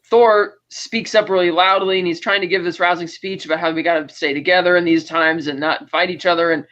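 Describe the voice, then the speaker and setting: High bright-voiced guy retelling a movie plot, acting out lines, dull lo-fi sound. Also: fairly quick. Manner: animated storyteller, acts out lines of dialogue. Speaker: podcast host, film reviewer. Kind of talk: casual review chat, retelling a plot.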